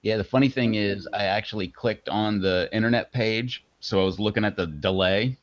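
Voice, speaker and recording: Laid-back man with a low voice, off-mic. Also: moderate pace, lo-fi sound. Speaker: co-host. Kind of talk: casual live stream chat.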